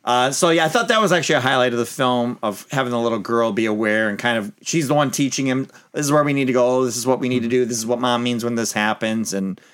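A man's voice: mid-range voice, fast talker, few pauses, a bit bright, smooth. Man recapping a movie at length. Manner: rambling, opinionated recapping. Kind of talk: casual movie chat.

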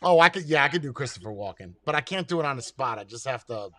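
Nervous American man, bright voice. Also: medium pitch, expressive, fast talker. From United States. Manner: nervous, self-deprecating. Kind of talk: casual group chat.

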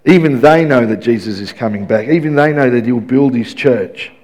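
A man's voice: medium pitch, normal speed, darkish tone. A man in his fifties preaching a sermon in an emphatic, repetitive way, often restarting his sentences.

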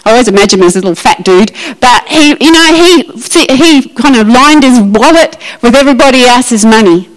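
A woman preaching a lively, emphatic sermon and acting out Bible scenes. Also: on the high side, brisk, few pauses, poor audio.

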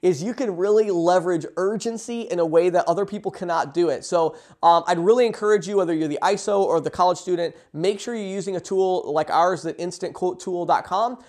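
Fast-talking, high-voiced male sales coach. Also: darkish tone. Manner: enthusiastic, acts out sample pitches.

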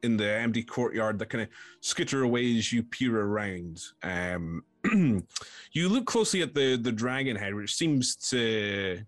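A man's voice: fairly low pitch, animated, measured pace, no room sound. A man narrating as game master in a tabletop game, hesitant and full of ums.

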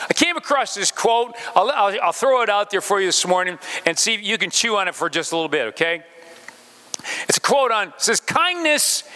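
A man's voice: sits high, sharp tone, big-room sound. A pastor preaching a sermon, speaking straight to his congregation and asking them questions as he goes.

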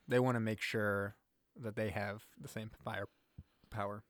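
A man's voice: lowish voice, little pitch movement, a little slow, no echo, studio quality. A man co-hosting a casual podcast recap of a movie, rambling and joking, acting out characters as he retells scenes. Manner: rambling, jokey, acts out characters in quotes. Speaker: podcast co-host.

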